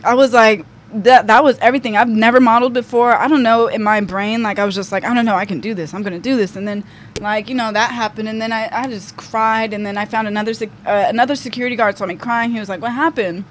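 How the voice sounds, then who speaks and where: A young woman with a somewhat high voice tells a personal story as a podcast guest. She rambles casually, leaning on "like" and "um". A faint hiss of background noise sits under the recording. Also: steady tone, quick pace. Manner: chatty, full of fillers like "like" and "um".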